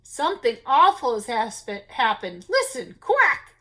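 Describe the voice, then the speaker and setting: A woman reading aloud plays a distressed storybook cow that can only quack. The voice is pitched high and lively and rises to loud, bursting quacks. It is slow and drawn out, like a picture book read to small children. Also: full character voice. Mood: dismayed.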